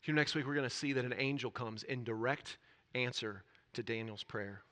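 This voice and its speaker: A man's voice: medium pitch, normal speed, a bit bright. A man preaching a sermon as pastor, building intensity and repeating phrases.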